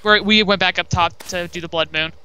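A woman's voice: fairly low pitch, fairly even intonation, brisk, sharp tone, soft background music, poor audio. A laid-back young woman with a Wyoming accent, chatting and giggling with a friend while they play a game together. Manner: laid-back, giggly, sing-song exclamations. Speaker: friend on the call. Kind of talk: casual gaming chat over a voice call.

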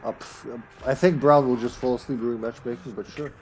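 A man's voice: medium pitch, fairly even intonation, a little fast. A man streaming a horror game with friends, trading dry, teasing remarks over voice chat. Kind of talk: casual gaming banter over voice chat.

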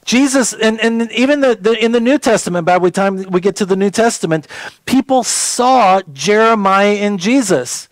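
A man, a pastor giving a conversational sermon that turns to slow scripture reading. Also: high-pitched, dry recording. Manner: conversational, folksy preaching with repeated words; slows down to read scripture aloud.

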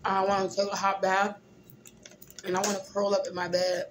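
A groggy, tired young woman, casually chatting in a vlog from a hospital room, often clearing her throat. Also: medium pitch, monotone, normal speed, background noise. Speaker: vlogger. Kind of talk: casual vlog chat while eating.

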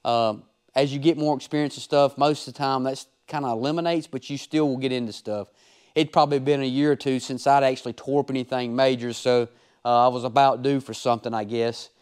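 A man's voice: medium pitch, steady tone, a little fast, darkish tone, clean tone. A man, a race car driver giving laid-back, folksy voice-over commentary on his own race footage.

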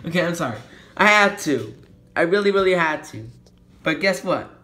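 A man hosting a logo history video, talking casually and playfully, cracking jokes and quickly correcting himself. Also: a little high, animated, bright, forceful tone, reverberant. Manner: playful and jokey, self-correcting with quick apologies. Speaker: YouTube logo history host. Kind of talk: casual explanatory commentary.

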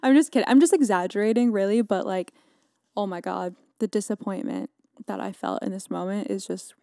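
A woman's voice: mid-range voice, fairly quick, gravelly, warm tone, dry recording. Chatty young woman, dry close mic. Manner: chatty, dramatic, filler-heavy with frequent "like". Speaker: podcast host. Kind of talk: casual solo podcast recap.

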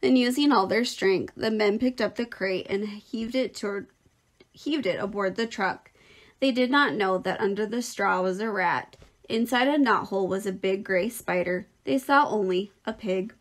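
A woman teacher reading a children's novel aloud in a clear, expressive storytelling voice. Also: medium pitch, moderate pace.

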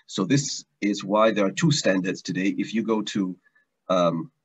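A man's voice: low-pitched, steady tone, normal speed, slightly rough, poor audio. A man giving an online language lesson, explaining patiently and often repeating or restarting his words. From Malaysia. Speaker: language teacher.

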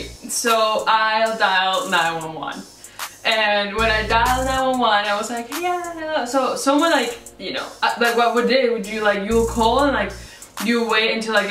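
Chatty young woman vlogger, roomy sound. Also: medium pitch. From Venezuela. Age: young adult. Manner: chatty, frequent "like" fillers, animated quoted reactions. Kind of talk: casual storytelling to camera. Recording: roomy echo, mic at a distance, music behind.

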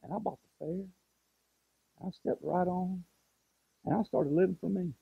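A man's voice: high-pitched, steady tone, normal speed, vocal fry, slightly rough, no echo, narrow, tinny audio. A pastor in his forties preaching a sermon as a story, with emphatic rises and frequent restarts. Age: 40s.

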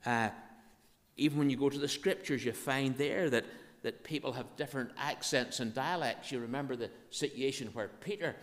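A man's voice: mid-range voice, normal speed. A man with a Northern Irish accent, a minister leading prayer and preaching a sermon in an earnest, conversational way. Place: church. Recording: reverberant church hall sound.

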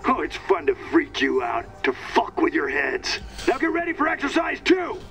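A sneering drill instructor, high and lively, barking insults at new recruits. Game music runs under him. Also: male voice, moderate pace, heavily acted, rough recording. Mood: taunting. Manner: taunting, barking. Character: mocking, sadistic male drill instructor.

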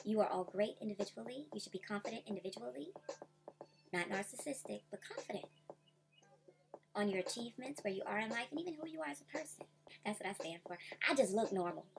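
A woman with a high, bright voice and a gravelly fry at the edges of her words. She holds forth as a content creator in a livestream rant, blunt and profane, and hammers her points home by repeating them. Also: animated, fast. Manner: outspoken and blunt, swears freely.

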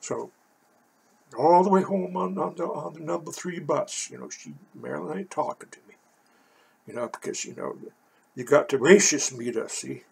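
Hoarse older man, husky and raspy, spinning a meandering personal yarn. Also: a little high, moderate pace. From Oakland, California. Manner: rambling, says "you know" constantly. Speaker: storyteller. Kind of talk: rambling personal storytelling.

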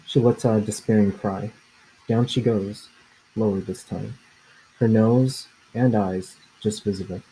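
A man narrating a children's story in the first person, measured and plain. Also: on the low side, fairly even intonation, dark tone, slight background noise, poor audio. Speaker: audiobook narrator.

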